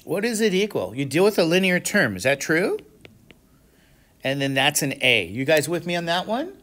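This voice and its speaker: A man teaching a classroom lecture who keeps asking the class questions to check they follow, with sudden animated exclamations. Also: a little high, moderate pace. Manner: asks the class frequent questions, checking understanding. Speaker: math instructor.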